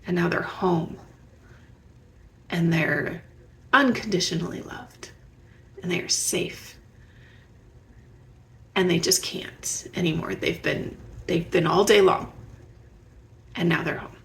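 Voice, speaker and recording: A woman's voice: on the low side, measured pace, creaky, pauses often, a little hiss or hum. A woman talking straight to her viewers about parenting, conversational and reflective, often asking them questions. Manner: warm, conversational, asks the listener reflective questions. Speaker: parenting educator. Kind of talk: direct-to-camera advice talk.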